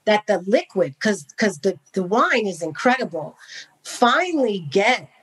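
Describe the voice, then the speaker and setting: A woman's voice: medium pitch, unhurried, slightly rough, rough recording. Enthusiastic woman telling her story. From Napa, California. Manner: animated, enthusiastic storyteller with many fillers. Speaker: podcast guest, wine entrepreneur. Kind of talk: casual interview chat.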